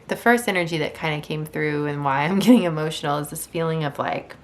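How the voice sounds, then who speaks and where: A woman giving a casual tarot reading on video, chatty and gentle, with many ums and restarts. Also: deep voice. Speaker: tarot reader. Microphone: camera mic.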